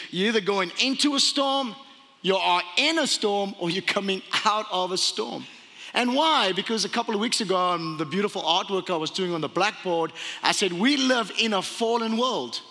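A male pastor preaching a sermon in an animated way, acting out the voices he quotes. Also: high voice, big-room sound.

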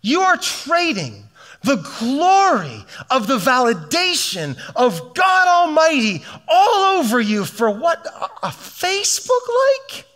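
A man's voice: extremely high pitch, huge pitch swings, slow pace, bright, forceful tone, voice pushed up, full character voice. Man voicing an exasperated, incredulous God. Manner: incredulous, emphatic questions.

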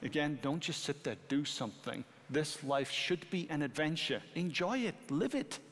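British pastor preaching in a reverberant hall. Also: male voice, fairly high pitch, moderate pace. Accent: British English. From Britain. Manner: animated, rising to emphatic peaks. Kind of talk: sermon. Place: church sanctuary.

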